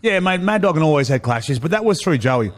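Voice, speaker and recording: A man's voice: on the high side, very animated. An Australian man telling rambling stories as a guest in a casual chat, saying "mate" a lot. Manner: rapid, rambling, says "mate" often. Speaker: interview guest.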